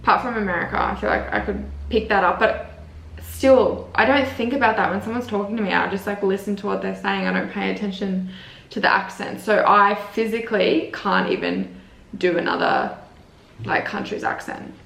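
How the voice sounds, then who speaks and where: A woman's voice: medium pitch, lively intonation, normal speed, creaky, fairly bright tone. A young Australian woman vlogger chatting casually, with lots of filler words. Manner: chatty, heavy use of "like" fillers. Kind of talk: casual chat answering viewer assumptions. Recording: roomy echo.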